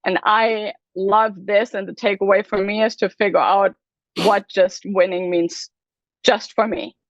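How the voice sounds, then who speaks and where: A woman on a group video call, speaking emotionally and haltingly as she reflects openly. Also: medium pitch, steady tone, dry recording. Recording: dry, dull video call audio.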